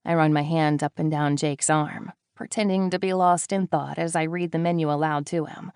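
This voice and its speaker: A woman reading a first-person thriller in a low, even voice, slipping in wry, deadpan asides. The recording is close and completely dry, with no room around her. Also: normal speed, clear, resonant tone, dry recording. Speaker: audiobook narrator. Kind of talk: first-person audiobook narration.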